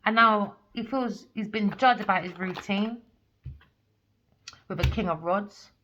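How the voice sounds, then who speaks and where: A woman giving a channelled tarot reading, excitable and swearing freely, at times dropping to a soft near-whisper. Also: mid-range voice, a little slow, slight background noise. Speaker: tarot reader. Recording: dull lo-fi audio.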